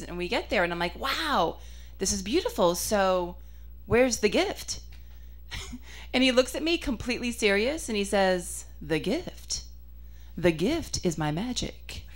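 A woman's voice: a little high, a bit bright. Self-mocking woman doing stand-up. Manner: chatty, self-mocking, punchy delivery with quick asides. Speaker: stand-up comedian. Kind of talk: stand-up comedy set.

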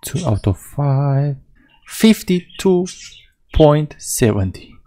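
A European gaming host narrates a Let's Play, reading the game's text aloud and giving the in-game dialogue playful mock voices. His slightly high voice is slow, mellow, and sing-song, on a rough recording.

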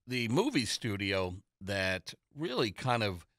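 Male talk show host, low and bright-toned, chatty and rambling, in a TV studio on a studio mic. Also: big pitch swings, takes it slowly, no room sound. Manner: chatty, nostalgic storyteller with many fillers. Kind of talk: casual chat. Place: local TV studio. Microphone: studio microphone.

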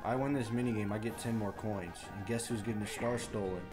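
A young man giving crude live commentary on a party video game, muttering complaints under his breath, then yelling and trash-talking the computer players. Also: fairly low pitch, fairly even intonation, brisk, music in the background. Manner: crude trash talk, swinging from mumbled grumbling to yelling. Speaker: gaming YouTuber.

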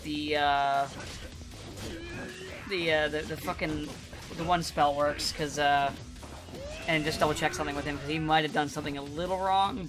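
A man casually recapping tabletop game sessions, rambling with loose profanity, frequent fillers and self-corrections. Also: on the high side.

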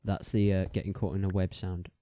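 A man's voice: low voice, level tone, brisk, warm tone, slight background noise. A young man chatting casually as he plays a game, rambling with many ums and restarts. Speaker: gaming video host.

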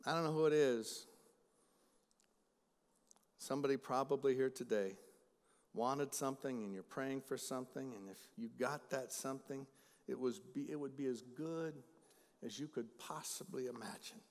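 A middle-aged man preaches, at times rising to loud emphasis, then dropping into hushed personal stories. His pitch sits in an ordinary middle range. The sound carries a long reverb from the sanctuary. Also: moderate pace, long pauses. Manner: swings from loud emphatic preaching to quiet storytelling. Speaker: pastor. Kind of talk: sermon. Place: church sanctuary.

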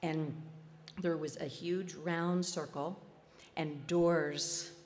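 A woman's voice: low-pitched, fairly even intonation, very slow. Woman telling a story in a reverberant hall. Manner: warm self-deprecating storyteller who laughs at herself. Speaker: spiritual healer speaking at a festival. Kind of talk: personal storytelling talk.

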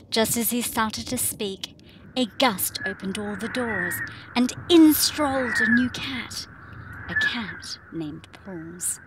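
Woman, bedtime rhyme narration, playful spooky whispers, slow lively delivery, dry close sound. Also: on the high side, background noise. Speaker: storyteller voicing the cat Sweep.

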